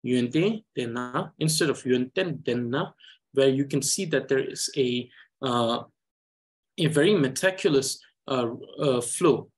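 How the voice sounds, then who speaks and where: A man with a Tibetan accent teaching a language reading lesson, talking slowly and carefully with frequent hesitations. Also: medium pitch, husky. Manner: slow, careful, hesitant with many uhs. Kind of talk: slow reading lesson with explanation.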